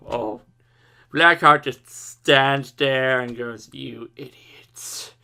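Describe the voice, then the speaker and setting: A man's voice: medium pitch, sharp tone, clear, resonant tone. A man giving a casual, irreverent episode recap of an anime, joking and swearing freely.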